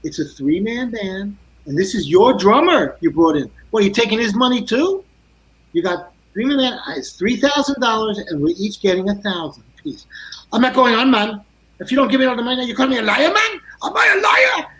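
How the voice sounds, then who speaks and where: A man putting on the voice of a hot-tempered Scottish bass player who shouts out his demands. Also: big pitch swings, moderate pace, rough recording. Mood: angry demands. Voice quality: shouting, raging outbursts.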